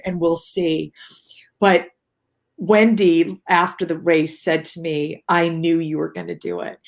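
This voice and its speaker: A woman guest on a video-call talk show, telling her story in a lively way and acting out her own cries and quotes. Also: fairly low pitch. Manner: animated, acts out her own shouts and quotes. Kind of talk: casual storytelling interview.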